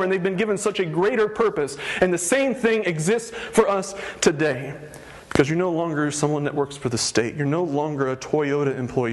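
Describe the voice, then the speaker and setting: A man preaching a sermon, earnest and emphatic, stressing his points through repetition. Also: a little high. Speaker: pastor.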